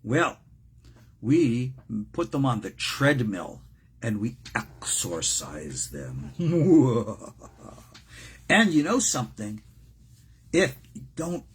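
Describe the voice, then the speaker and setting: An older man, a rabbi, giving an informal religious class, animated and joking with frequent asides and a raspy voice. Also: medium pitch, slow pace, pauses often.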